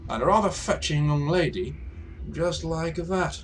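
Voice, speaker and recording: A man's voice: on the high side, expressive, a little slow, a little hiss or hum, pitched above the performer's own voice, rough recording. A man voicing a foppish, upper-class male airship captain in a tabletop game, with plummy exclamations. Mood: pompous. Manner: pompous, fussy.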